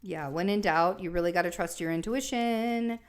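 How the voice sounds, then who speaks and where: Speaking in a lowish voice at a moderate pace, with a bit of hiss or hum in the recording, a young adult woman does a relaxed tarot reading. She's reassuring but rambling, restarting often and filling pauses as she thinks aloud.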